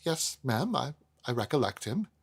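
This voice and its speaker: A man's voice: medium pitch, very animated, moderate pace, breathy edge. A man reading aloud and voicing a modest, shy young woman who answers politely and stammers a little. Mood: flustered. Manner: hesitant, stammering.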